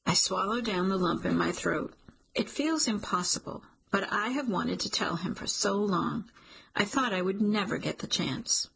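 A woman's voice: lowish voice, a little slow, vocal fry, a bit bright, husky, rough recording. A woman narrating a romance audiobook in first person, intimate and emotional.

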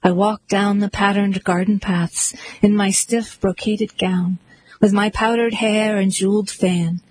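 A woman's voice: medium pitch, a little slow, slight background noise, poor audio. Woman reciting poems with flair. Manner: expressive, rhythmic verse reading. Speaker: poetry reader. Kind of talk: dramatic poetry recitation.

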